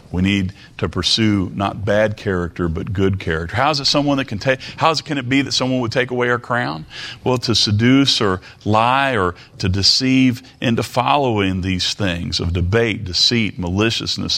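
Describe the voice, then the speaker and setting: A middle-aged man preaching a sermon, slow and deliberate, repeating words for emphasis and asking the congregation rhetorical questions. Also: fairly low pitch, a bit bright.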